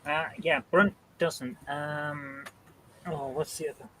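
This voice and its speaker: A man's voice: fairly high pitch, fairly even intonation, takes it slowly, over a noisy crowd, poor audio. A man from County Durham, England, competing in a trivia quiz and trading witty jokes. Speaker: quiz contestant. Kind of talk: casual chat.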